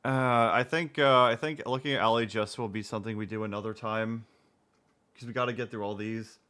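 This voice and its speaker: A man's voice: lowish voice, fairly even intonation, brisk, bright, forceful tone. A man in his twenties, casually commenting on a live stream, rambling and repeating himself. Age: 20s.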